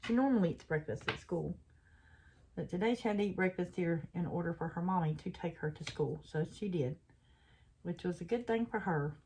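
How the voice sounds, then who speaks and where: A woman's voice: fairly low pitch, brisk, darkish tone, slight background noise. An older woman, the host of a craft channel, chatting and telling rambling stories while she works on a craft. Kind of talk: casual chat while crafting.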